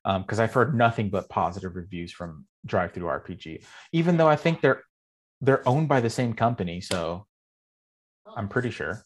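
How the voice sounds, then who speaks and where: A man's voice: lowish voice, expressive, normal speed. A man talking in a casual podcast chat, rambling with many fillers and telling stories with animation. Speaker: game master and guest.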